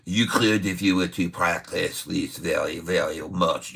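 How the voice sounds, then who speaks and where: A man's voice: sits low, vocal fry, fairly bright tone, slightly rough. A middle-aged man hosting a day-trading livestream, talking in a chatty, jokey way, often laughing and repeating himself. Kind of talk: casual livestream chat.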